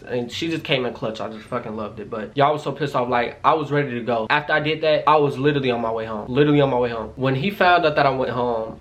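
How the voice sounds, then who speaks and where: A man, telling viewers an animated, profane storytime vlog and calling them "y'all". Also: mid-range voice. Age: 20s. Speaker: vlogger.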